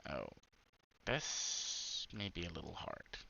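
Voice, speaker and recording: A man's voice: low voice, big pitch swings, slow pace, creaky, sharp tone, dull audio. A man hosting a gaming channel, rambling through live gameplay commentary with lots of filler words and restarts.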